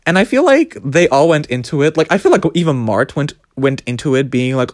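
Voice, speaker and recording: A man's voice: fairly high pitch, fairly quick. A man telling a story about his escape room trip in a casual vlog, dramatic and full of swearing. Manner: animated, profane, dramatic storytelling. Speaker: vlogger.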